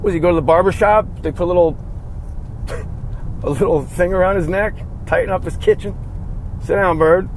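A man telling a funny story in a casual comic monologue, profane and animated, laughing at his own tale. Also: high-pitched, a little fast, long pauses, slight background noise, low-quality recording.

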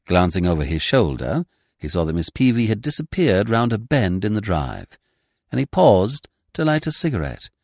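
A man reading a classic comic novel aloud in measured, expressive narration. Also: on the low side, vocal fry, no room sound, clean studio sound. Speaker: audiobook reader.

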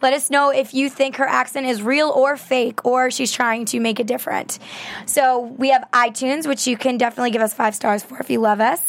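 A woman's voice: high-pitched, steady tone, brisk. A woman from Long Island co-hosting a podcast, talking casually and at length, reading a chatty promo. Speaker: podcast co-host. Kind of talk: casual chat about a reality show.

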